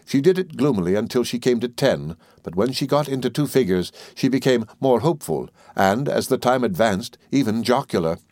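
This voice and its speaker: In a medium-pitched voice with no room sound, a man reads a classic novel aloud for an audiobook. His scripted narration is measured and even throughout.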